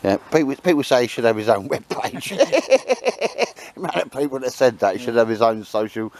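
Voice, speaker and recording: Bloke bantering with the lads out in the woods, matey and laughing a lot. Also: male voice, mid-range voice, big pitch swings, normal speed, a little mellow. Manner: chatty, matey, laughs often. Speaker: channel host. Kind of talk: casual banter with mates. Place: outdoors in woods.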